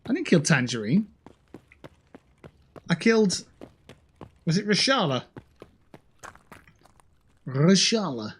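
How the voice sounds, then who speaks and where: A man livestreams a shooter game through a headset microphone, keeping up casual banter with his audience. His voice sits a little high and swings widely in pitch. He jokes constantly and swears freely at the players he fights. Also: takes it slowly, long pauses, husky. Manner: animated, joking and swearing at opponents. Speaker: streamer playing a shooter game. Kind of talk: casual gaming livestream chat. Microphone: gaming headset.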